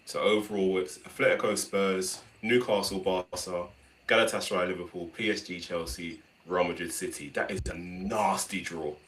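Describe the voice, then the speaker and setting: A man's voice: low-pitched, fairly even intonation, normal speed, fairly bright tone. A man co-hosting a football fan livestream, talking casually and bluntly about the draw. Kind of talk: casual live chat.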